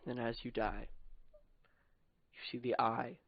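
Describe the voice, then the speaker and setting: Young male storyteller, slow and creaky, improvised second-person tale, flat close recording. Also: mid-range voice, no room sound. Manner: slow, hushed second-person narration, drifting to a murmur. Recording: dull dry lo-fi recording.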